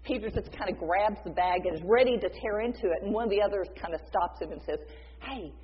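A woman preaching a sermon, retelling a scripture story in a lively, conversational way and acting out the dialogue. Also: mid-range voice, fast, a little hiss or hum. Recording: dull echoey hall sound.

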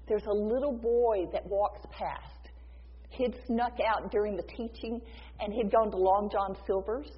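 Woman preacher, casual storytelling sermon, acts out the dialogue; breathy, heard in a muffled, echoing hall. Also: medium pitch. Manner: lively, acts out dialogue, conversational. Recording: dull echoey hall sound.

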